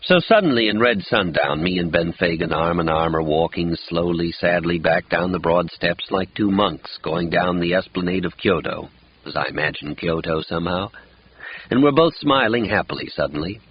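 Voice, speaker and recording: A man's voice: low-pitched, moderate pace, slightly rough. A man narrating an audiobook in a wistful, lyrical first-person telling. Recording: dull lo-fi audiobook recording.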